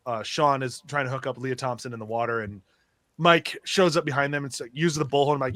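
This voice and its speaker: A man's voice: mid-range voice, steady tone, fairly quick, a bit bright, dry recording. A man hosting a casual film podcast, chatty and loose, who laughs easily. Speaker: podcast host.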